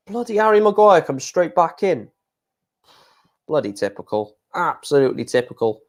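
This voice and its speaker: A man's voice: a little high, big pitch swings, moderate pace, a little mellow. A man, casually chatting on a live darts stream, reading out viewer comments in a blunt, frequently swearing way.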